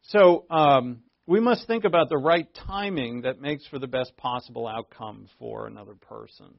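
A man preaching a conversational sermon, earnest, asking rhetorical questions and shifting from emphatic to hushed. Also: mid-range voice, moderate pace, creaky, dry recording, muffled recording. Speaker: pastor.

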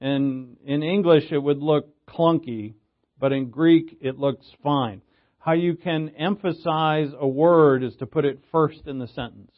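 A man's voice: on the high side, fairly even intonation, unhurried, narrow, tinny audio. A man teaching a Bible passage in a casual, conversational way, often checking in with "right?". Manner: conversational, frequent "right?" check-ins, restarts. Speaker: preacher.

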